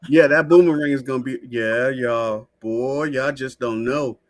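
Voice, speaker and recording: A woman co-hosting a podcast in casual chat, profane, blunt and animated. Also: rumbling low, unhurried. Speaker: podcast co-host.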